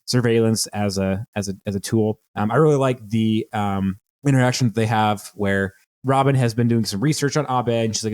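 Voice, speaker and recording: A man's voice: on the low side, moderate pace, smooth, no echo, clean studio sound. A man co-hosting a podcast, rambling through an episode recap with lots of fillers and playful quotes. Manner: rambling, many fillers, acts out quotes in animated voices. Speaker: podcast co-host. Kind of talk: casual chat recapping a TV episode.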